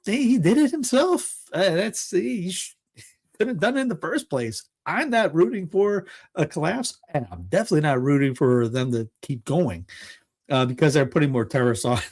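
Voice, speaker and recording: A man from Toronto hosting a casual political commentary show, rambling and excitable, often restarting and laughing. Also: fairly high pitch, normal speed. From Toronto, Canada. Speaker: podcast host.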